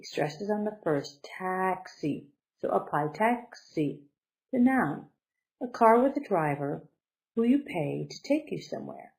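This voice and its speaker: A woman teaching a beginner English lesson, speaking slowly and deliberately and stressing syllables to model pronunciation. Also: fairly low pitch, darkish tone, rough recording.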